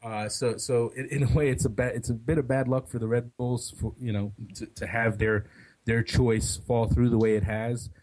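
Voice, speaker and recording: A man's voice: mid-range voice, little pitch movement, normal speed, darkish tone, low-quality recording. A man co-hosting a soccer podcast in casual chat, giving opinionated takes with many restarts. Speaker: podcast co-host.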